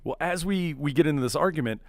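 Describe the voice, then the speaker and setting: A man co-hosting a casual radio-style chat, telling a story and acting out quotes loudly. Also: a little high, fast, no echo. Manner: animated, acts out quotes loudly. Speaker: podcast co-host.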